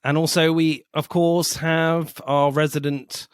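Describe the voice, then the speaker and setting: A man's voice: on the high side, flat delivery, unhurried, clear, resonant tone, no room sound, clean studio sound. A man hosting a film podcast, chatting casually and laughing often. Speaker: podcast host. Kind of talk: casual chat.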